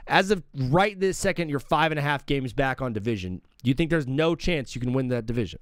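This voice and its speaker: A man in his thirties hosting a live sports talk show, rambling and animated, calling people "bro.". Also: medium pitch, a little fast, dry recording, studio quality.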